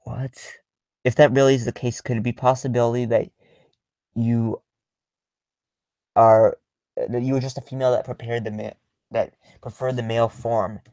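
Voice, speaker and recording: A young man talks loosely on a livestream, reacting to viewer comments. His speech is halting and full of ums, with an ordinary middle pitch. The recording is close and dry, with no room sound. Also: little pitch movement, dark tone, no echo, poor audio. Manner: halting, many filler ums, chuckles while reading. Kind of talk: casual livestream chat.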